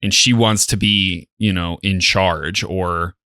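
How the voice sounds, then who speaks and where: A tired young man chatting casually as a reaction show co-host, sighing as he talks. His voice is low-pitched yet bright and forceful. It sounds dry and close to the mic. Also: fairly even intonation, slow pace, no echo. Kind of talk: casual chat.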